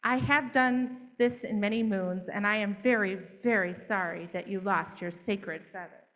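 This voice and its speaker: A woman's voice: medium pitch, moderate pace, a bit bright, big-room sound, muffled recording, lightly acted. A woman voicing a contrite talking crow in a children's story, speaking with formal dignity. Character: contrite talking crow, proud but ashamed.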